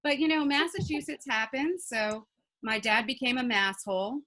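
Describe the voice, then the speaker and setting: Young woman doing a standup set, deadpan punchlines, voice a bit high, giggles at her own bits. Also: normal speed, poor audio. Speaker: stand-up comedian.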